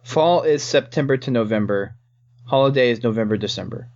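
A man co-hosting a gaming podcast chat, insistent and quick to set others straight. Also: medium pitch, darkish tone. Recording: dull lo-fi podcast audio.

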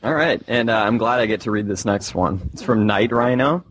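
A man's voice: on the low side, normal speed, a bit bright, breathy edge. A man co-hosting a podcast in casual chat, rambling with lots of fillers. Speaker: podcast co-host.

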